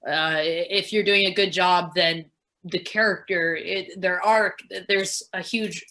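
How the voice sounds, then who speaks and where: Bright-voiced actress musing casually. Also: female voice, on the low side, fairly even intonation, slow pace. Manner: rambling, filler-heavy, reflective. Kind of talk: casual interview answers.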